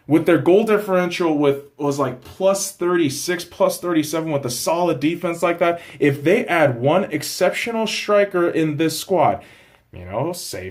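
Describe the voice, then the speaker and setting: Young man hosting a casual football season review, ranting with lots of swearing. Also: fairly high pitch. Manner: profane, animated ranting. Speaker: host.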